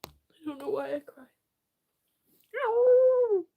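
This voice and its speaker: A young woman livestreamer crying as she talks, apologizing and answering her chat in halting bursts. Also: sits high, fairly even intonation, narrow, tinny audio, slight background noise.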